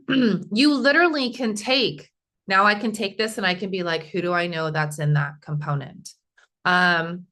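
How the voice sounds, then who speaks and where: A woman's voice: mid-range voice, a bit bright. A woman speaker teaching a casual screen-share workshop over a video call, chatty and talking straight to her audience. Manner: chatty, talks to the audience, often asks "right?".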